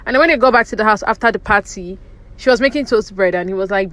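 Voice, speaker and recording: A woman's voice: mid-range voice, quick pace, a bit bright. A woman giving a chatty, opinionated recap of reality TV, full of "you know" and "like". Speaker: reality TV commentary vlogger. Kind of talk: casual recap commentary.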